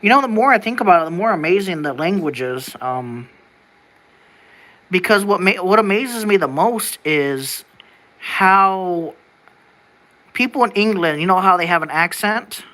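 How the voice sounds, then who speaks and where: A vlogger thinks out loud to the camera in a loose, wandering way. Sentences stop and restart as the questions pile up, with the odd curse thrown in. The voice is bright and sharp-edged. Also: medium pitch, animated, a little slow. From United States. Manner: rambling and wondering aloud, with frequent restarts and casual swearing. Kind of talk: casual musing to camera.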